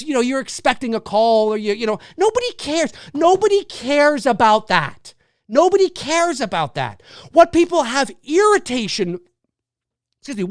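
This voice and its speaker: A man hosting a live movie talk show, ranting in exasperation, repeating rhetorical questions, swearing and bursting into shouts. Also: extremely high pitch, no room sound, studio quality. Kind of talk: ranting solo commentary.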